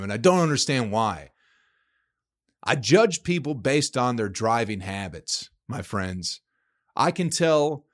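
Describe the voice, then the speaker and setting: A man hosting a solo podcast, ranting in a heated, profane way. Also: mid-range voice. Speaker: podcast host.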